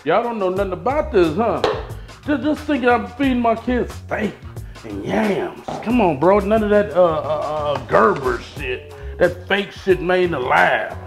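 A man hosting a fitness vlog, talking loud, hyped and slangy with a boastful edge. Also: high-pitched, sing-song, normal speed, soft background music. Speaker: fitness vlogger. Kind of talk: casual vlog.

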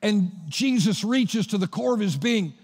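Male pastor, high gravelly voice, storytelling sermon, long church-hall reverb. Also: lively intonation, measured pace, a little mellow. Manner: storytelling preacher retelling Bible scenes. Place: church sanctuary.

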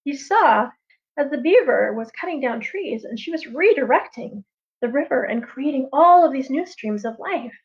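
A woman storyteller telling a traditional tale on a livestream in a lively, chatty way, with casual asides. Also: high-pitched, normal speed. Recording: dull lo-fi livestream audio.

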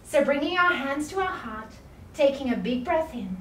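A woman's voice: high voice, animated, moderate pace, fairly bright tone, slight background noise. A woman leading a children's yoga class, playful and encouraging, making animal sounds with the children. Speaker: kids' yoga teacher. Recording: roomy sound from a distant mic.

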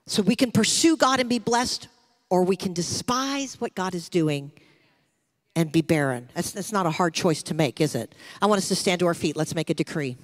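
A middle-aged woman pastor preaching a sermon with rising fervor to her church. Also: on the low side. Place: church sanctuary.

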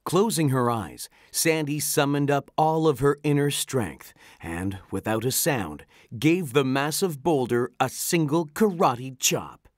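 An animated storybook narrator with a lively, rising and falling delivery. The reading sounds close and dry, with no room around it. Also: mid-range voice, measured pace, hardly any pauses, dry recording. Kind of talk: storybook read-aloud.

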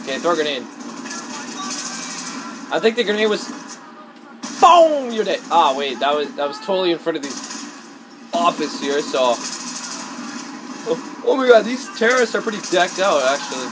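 A man's voice: on the high side, big pitch swings, normal speed, long pauses. A man giving rambling, self-conscious gameplay commentary, swearing often as he plays. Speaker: let's play gamer. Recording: noisy with game audio. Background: loud gunfire and game sounds.

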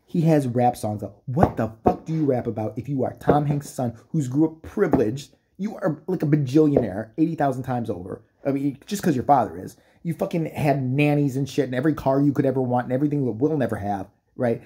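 A man's voice: medium pitch, expressive, a little fast, few pauses, dark tone, slightly rough. A man delivering a profane, mocking comedic rant, breaking into exaggerated impressions. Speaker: comedic commentator. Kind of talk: ranting comedic commentary.

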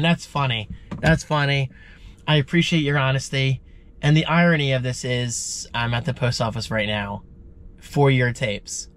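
A man's voice: mid-range voice, unhurried, a bit bright. Stuffy-nosed guy rambling in a vlog from his car, bit of car hum behind. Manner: rambling, chatty, self-deprecating. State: congested. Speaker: vlogger. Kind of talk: casual vlog chat.

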